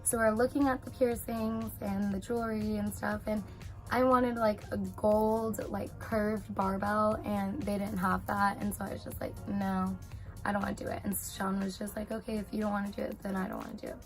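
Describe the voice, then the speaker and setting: Young adult woman vlogger, chatty storyteller, animated retelling, mid-range voice, soft music bed. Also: mid-range voice, normal speed. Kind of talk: casual storytime chat.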